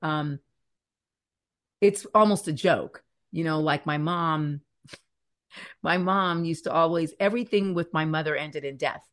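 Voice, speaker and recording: Low-pitched and unhurried, pausing often, a guest author in her fifties shares her thoughts on faith, fear and scripture during an interview centered on faith. She's an earnest, animated storyteller who draws out her key words.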